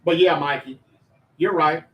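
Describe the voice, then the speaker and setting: A man hosting a casual sports talk livestream, chatty and animated, reading viewer comments aloud and talking straight to his chat. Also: a little high, a little slow, roomy sound, far from the mic, low-quality recording.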